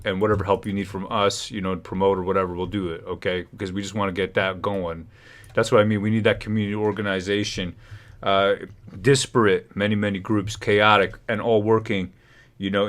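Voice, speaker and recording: A man with a fairly low voice rants as a livestream host. He talks in heated, indignant bursts. His commentary is loose and off the cuff. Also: a bit bright.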